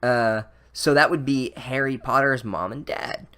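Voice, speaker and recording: A man's voice: mid-range voice, measured pace, sharp tone, smooth. A man giving a rambling, sarcastic, profane comedic recap of a book, full of "like" and restarts.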